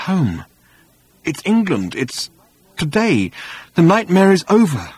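A man's voice: a little high, sing-song, moderate pace, darkish tone, husky, dry recording, voice pushed up. A man reading an audiobook, voicing a bewildered, fussy middle-aged Englishman in a raised, plaintive voice. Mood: dazed relief. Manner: plaintive and fretful. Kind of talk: audiobook character voice.

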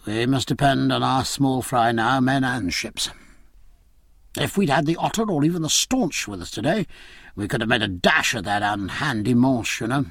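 A man voicing a hearty, commanding naval captain who barks orders loudly and briskly. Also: mid-range voice, lively intonation, creaky, no echo, clean studio sound. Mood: confident.

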